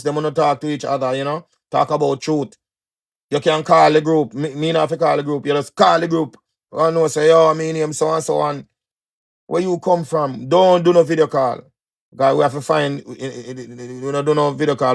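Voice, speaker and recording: A man with a gravelly Jamaican Patois voice delivers a preachy motivational talk. He repeats himself for emphasis, pushing some phrases out loud and dropping others to a murmur. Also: a little high. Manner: emphatic, repetitive, swings loud and soft.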